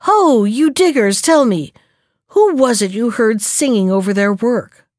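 A woman's voice: on the high side, expressive, normal speed, mellow, dry recording, clean studio sound, close to an everyday voice. A woman voicing a sly, greedy male jackal in a storybook, smug and wheedling.

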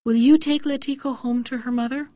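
A woman's voice: sits high, steady tone, fairly quick, warm tone, no echo, clean studio sound, close to an everyday voice. A woman voicing the sun as a grave, commanding male ruler. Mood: stern.

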